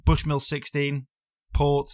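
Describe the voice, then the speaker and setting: A man's voice: fairly high pitch, monotone, slow, no room sound, clean studio sound. A man co-hosting a podcast, chatting casually and easily amused. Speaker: podcast co-host. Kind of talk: casual chat.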